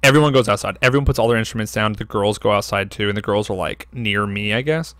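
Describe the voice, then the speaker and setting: A man's voice: fairly low pitch, quick pace, a bit bright, no echo. A young man co-hosting a podcast, telling a story in a loose, rambling way with lots of fillers and swearing. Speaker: podcast co-host. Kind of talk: casual storytelling.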